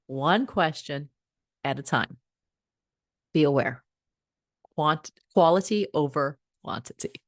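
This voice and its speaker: Brief: woman host, casual advice talk, lively pitch, acts out examples and laughs a lot. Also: no room sound, studio quality. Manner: animated, laughs often, acts out little scripts. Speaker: host giving relationship advice.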